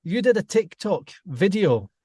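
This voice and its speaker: A man's voice: high voice, sing-song, measured pace, warm tone, slightly rough, no echo, clean studio sound. A man hosting a podcast, asking a guest questions in a chatty, friendly way. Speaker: podcast host. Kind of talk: casual interview chat.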